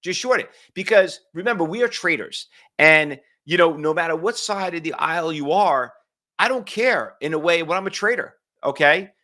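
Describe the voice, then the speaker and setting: A man with a New York accent hosting a live day-trading morning stream, chatty and excitable, his voice leaping up when he gets fired up. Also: on the high side, moderate pace. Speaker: day trading show host. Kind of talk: live-streamed market commentary.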